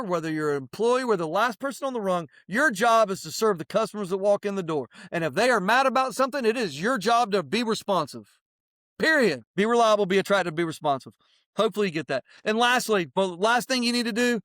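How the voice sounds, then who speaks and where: A man co-hosting a podcast, giving animated, plain-spoken advice in casual chat with some mild swearing. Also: sits high, dry recording, studio quality. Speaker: podcast co-host.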